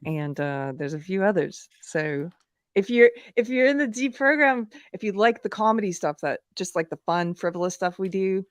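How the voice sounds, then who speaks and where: A woman's voice: medium pitch, animated, normal speed, no room sound, studio quality. A woman with a Southern American accent hosting a casual live-stream chat, laughing often. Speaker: podcast host.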